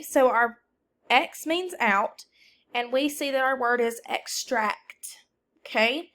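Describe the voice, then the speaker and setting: A woman teacher, speaking slowly and deliberately as she records a lesson for a substitute, calling out words for the class to repeat. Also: a little high, a bit bright.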